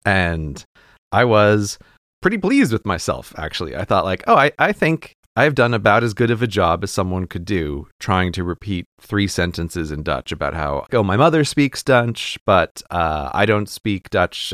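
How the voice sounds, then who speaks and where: An American man chatting casually on a podcast, animated and laughing often. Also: deep voice, moderate pace, dry recording, studio quality. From United States.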